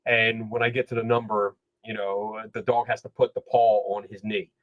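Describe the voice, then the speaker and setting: A man's voice: on the low side, moderate pace, phone-quality sound. A man, a skeptical investigator, chatting casually on a podcast and acting out the people he quotes. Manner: animated storyteller, acts out quoted dialogue. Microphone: studio microphone.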